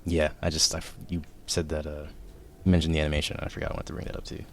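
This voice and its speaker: A man's voice: extremely low pitch, flat delivery, very fast, a bit bright, a little hiss or hum. A man hosting an anime discussion channel, chatting casually and explaining things in a laid-back way. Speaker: channel host.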